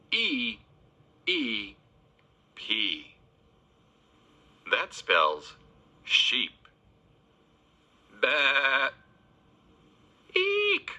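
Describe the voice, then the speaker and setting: A man teaching children animal names in a slow, sing-song voice, spelling each word letter by letter. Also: lowish voice, bright, forceful tone. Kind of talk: spelling lesson for kids.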